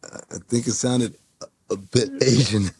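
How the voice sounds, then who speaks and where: A man's voice: mid-range voice, steady tone, a little slow, vocal fry, darkish tone, husky, dry recording. A man co-hosting a casual movie podcast in a laid-back way, thinking aloud as he goes. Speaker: podcast co-host.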